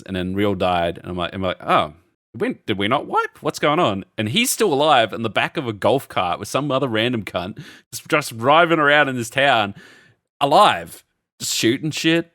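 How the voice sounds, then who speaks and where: A man's voice: on the low side, brisk, no echo, studio quality. A man co-hosting a podcast, telling stories in casual chat, swearing a lot and acting out the quotes. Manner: animated storyteller, acts out quotes, swears a lot. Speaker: podcast co-host.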